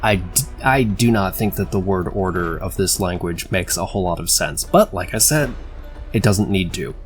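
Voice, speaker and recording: A man's voice: low-pitched, normal speed, soft background music. A man casually explaining the grammar of his invented language, wry and self-correcting, with the odd swear. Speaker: conlang video creator. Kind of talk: casual screen-share lesson.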